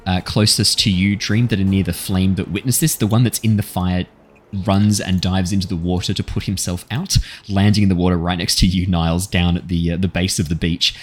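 A man narrating as dungeon master in a tabletop game, talking casually with lots of fillers and quick laughs. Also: low-pitched, flat delivery, husky. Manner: casual, many fillers, laughs at his own jokes.

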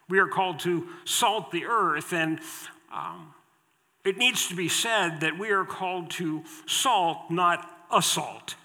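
High-voiced pastor preaching in a reverberant church. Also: male voice, creaky, sharp tone. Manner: emphatic, repeating key phrases. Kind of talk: sermon. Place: church sanctuary at the pulpit. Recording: long hall reverb in a church.

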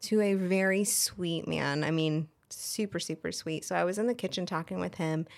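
Low, gravelly-voiced woman telling her story. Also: moderate pace. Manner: frank and chatty, acts out remembered dialogue, frequent "like" fillers. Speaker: hairstylist and salon owner, guest. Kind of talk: casual podcast interview storytelling.

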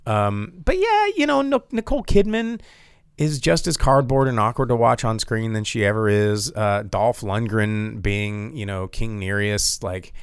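A man's voice: lowish voice, animated, unhurried, clean tone, no echo, clean studio sound. A man co-hosting a podcast, chatting casually and a bit profanely about a movie he saw, rambling with many fillers and restarts. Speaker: podcast co-host. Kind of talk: casual movie review chat.

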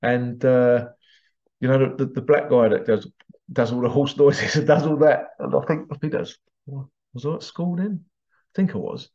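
A man's voice: mid-range voice, fairly even intonation, normal speed, darkish tone, lo-fi sound. A man hosting a podcast in a casual, rambling monologue, digressing often and dropping in playful vocal sound effects. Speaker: podcast host.

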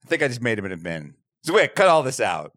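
A man hosting a comedy podcast, joking and riffing loudly, recorded over an online call mic. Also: mid-range voice, quick pace, a little hiss or hum. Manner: animated, loud bursts, jokey impressions. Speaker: podcast host.

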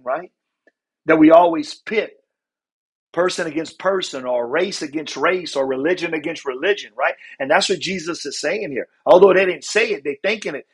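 A man teaching a Bible lesson. He reads scripture slowly, then explains it conversationally and often asks "right?" to check in with listeners. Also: high voice, fairly bright tone, breathy edge.

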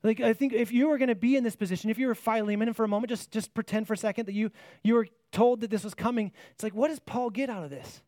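High-voiced man preaching a sermon. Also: steady tone, fast, warm tone, no echo, studio quality. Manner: earnest, repeats words as he restarts phrases; asks the listeners rhetorical questions.

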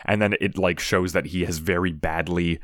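Deep-voiced man, halting movie chat. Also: steady tone, fairly bright tone, dry recording, studio quality. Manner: halting, repeats words, laughs easily. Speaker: podcast co-host.

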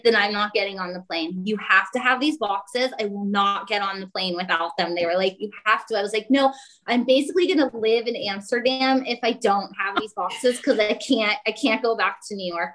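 A woman guest on a talk show tells a story in a casual, chatty way. She acts out the other people's voices as she goes, and her own voice sits at a middle pitch. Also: low-quality recording. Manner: animated, acts out quoted voices.

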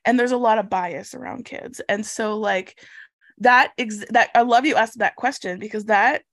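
A middle-aged woman, a guest in an interview, telling a personal story in an animated, chatty way and tagging lines with "okay?". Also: fairly high pitch, moderate pace, dry recording. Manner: animated, chatty, acts out quotes, frequent "like" and "okay?". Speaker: guest, inclusive education researcher. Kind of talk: casual storytelling in a conversation.

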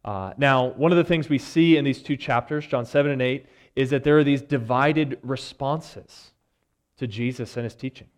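A man who is a church elder, preaching an expository sermon in a conversational, teaching tone, often pausing on "uh" and "um" and giving the people in the story lively voices. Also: mid-range voice. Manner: conversational teaching, retells scripture scenes with lively quoted voices; frequent "uh" and "um" fillers.

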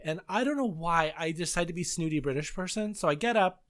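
A woman in her thirties hosting a casual podcast chat, telling stories in an animated way with frequent laughs and sudden high squeals. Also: fairly quick. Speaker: podcast host.

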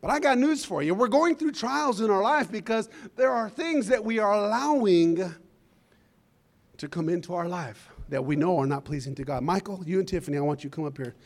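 High-voiced fervent preaching man. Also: animated, brisk. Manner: fervent, calls out amen and hallelujah. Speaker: pastor. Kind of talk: sermon. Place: church.

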